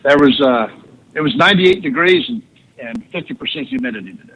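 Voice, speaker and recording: A man's voice: fairly high pitch, big pitch swings, brisk, fairly bright tone. A man from Texas, calling in to a talk show and chatting in an easygoing, wry way. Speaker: caller, guest professor. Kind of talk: casual phone-in chat. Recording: husky, dull phone line.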